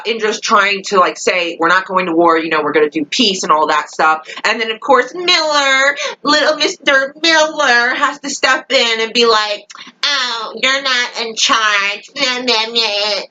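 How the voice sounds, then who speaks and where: A woman's voice: on the high side, lively intonation, moderate pace, sharp tone, slight background noise, poor audio. A young woman ranting in a casual vlog, exasperated and rambling, full of fillers and swearing. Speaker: vlogger reacting to a TV episode.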